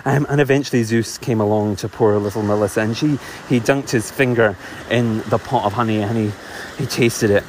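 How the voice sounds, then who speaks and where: A man telling a myth in a relaxed, chatty way, full of ums and asides. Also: on the low side, brisk, a little hiss or hum. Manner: chatty, digressive, laughs often, many fillers. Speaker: storyteller. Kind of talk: casual oral storytelling.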